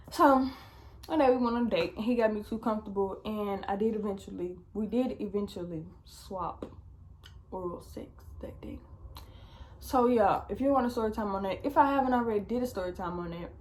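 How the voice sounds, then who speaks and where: A woman's voice: medium pitch, darkish tone, a little hiss or hum. A young woman vlogger telling a storytime, chatty and slangy, swearing often. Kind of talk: casual storytime.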